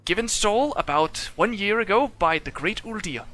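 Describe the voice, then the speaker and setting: A man's voice: high voice, animated, moderate pace, sharp tone, pitched above the performer's own voice. A man voicing a cheerful, literal-minded male robot medic that talks in stiff, formal phrases.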